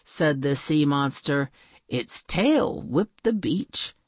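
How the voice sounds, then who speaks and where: A woman reads a children's storybook in an unhurried, playful way. Her lowish voice leaps around in pitch to bring the action to life. The sound is close and dry. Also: lively intonation, breathy edge, no room sound. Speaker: audiobook reader.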